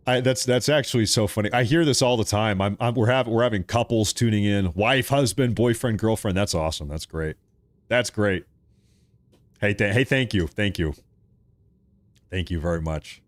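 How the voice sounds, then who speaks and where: A man's voice: on the low side, unhurried, pauses often, no echo. A man from Oregon hosting a live political stream, reading viewer chat and joking between rants. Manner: joking, animated rants, laughs often. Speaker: political livestream host.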